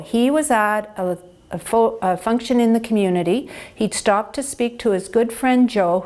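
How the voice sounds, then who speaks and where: A woman counselor teaching about hearing loss in a steady, mid-pitched voice. She explains patiently and clearly, grounding each point in practical everyday examples. Her voice comes through a small lapel microphone. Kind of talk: educational health talk.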